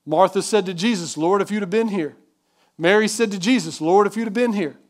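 High-voiced man preaching a sermon. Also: a little fast. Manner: emphatic preaching, asks the congregation questions. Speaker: pastor.

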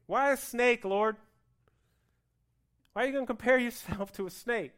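Male pastor, high voice, dramatic sermon delivery, acts out the complaints in a whiny tone. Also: normal speed. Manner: animated preaching, swings from loud to hushed; plays out the people's complaints in a whiny voice.

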